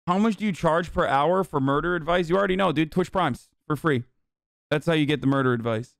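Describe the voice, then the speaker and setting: Brief: young male streamer, high voice, dry close mic, swears freely, excitable rants. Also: a little fast, gravelly, no room sound. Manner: profane, excitable, rants and acts out outbursts. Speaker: streamer reacting to a documentary. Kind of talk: casual reaction commentary.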